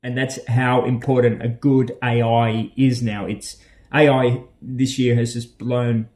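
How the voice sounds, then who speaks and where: An Australian man talks casually to camera in a vlog, wandering from point to point. His speech is full of ums, uhs and restarts, but his pitch sits in an ordinary middle range. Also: little pitch movement, measured pace, a little mellow. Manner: rambling and hesitant, with many ums and uhs. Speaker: vlogger.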